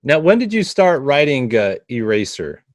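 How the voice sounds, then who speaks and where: A man hosting an interview, asking questions in a halting way and restarting words as he goes. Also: medium pitch, big pitch swings, no echo. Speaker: interview host.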